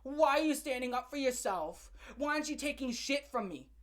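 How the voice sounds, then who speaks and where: A woman doing a snooty, whiny woman comedian, pitched up high and sounding mock-offended, every line dripping with entitled outrage. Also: expressive, brisk.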